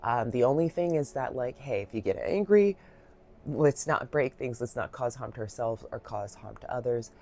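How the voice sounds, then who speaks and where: A woman giving a reflective guided Reiki talk, soft-spoken, heartfelt and rambling, with many fillers, a little emotional. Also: rumbling low, expressive, normal speed. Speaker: Reiki practitioner.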